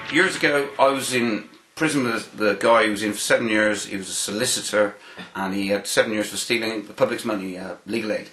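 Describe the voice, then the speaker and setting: A man, interviewed and telling anecdotes in an animated way, often repeating words as he starts a phrase. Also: fairly low pitch, echoey room. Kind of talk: anecdotal storytelling.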